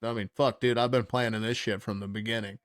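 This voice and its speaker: A man's voice: fairly low pitch, steady tone, quick pace, dry recording, studio quality. A man hosting a podcast, telling a wild story in casual, rambling chat, swearing freely and laughing as he goes. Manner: rambling, profane, laughs through his story. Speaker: podcast host.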